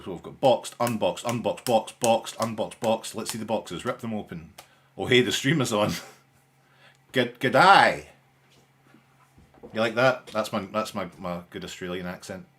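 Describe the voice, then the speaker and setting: Man, lowish voice, sarcastic, rambling, casual live stream chat. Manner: dry, sarcastic humour; rambling, with frequent restarts and fillers.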